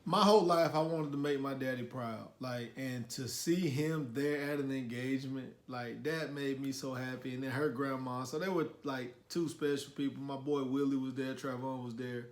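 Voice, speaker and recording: A young man co-hosting a casual couch chat with his fiancée, talking in an animated way. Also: mid-range voice, normal speed, few pauses. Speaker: co-host of couple's channel. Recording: echoey room.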